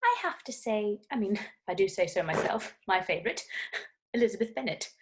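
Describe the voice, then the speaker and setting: A woman's voice: mid-range voice, animated, a little fast. A woman co-hosting a playful, chatty conversation over a video call, giggling between thoughts. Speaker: co-host. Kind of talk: casual chat on a video call.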